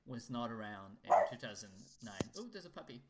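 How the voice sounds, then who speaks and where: A man co-hosting a podcast in casual chat, talkative and quick to laugh. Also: mid-range voice, very animated, crowd noise. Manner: chatty, laughs often, mimics in whispers. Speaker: podcast co-host.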